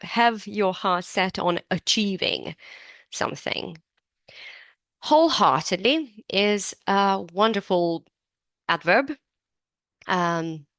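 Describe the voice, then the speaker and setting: A woman's voice: mid-range voice, a bit bright, no room sound. A woman teaching an English lesson, explaining phrases patiently and breaking words down step by step. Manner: admits to digressing.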